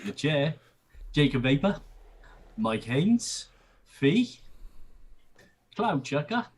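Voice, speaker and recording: A man on a casual live chat panel, reading out viewer names in an unhurried way. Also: fairly high pitch, sing-song, husky.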